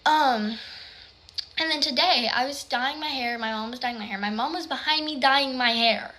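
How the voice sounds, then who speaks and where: A woman telling a personal story in casual chat, rambling with lots of "like" and sometimes dropping to a hushed whisper. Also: sits high, normal speed, slight background noise. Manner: rambling, heavy use of "like".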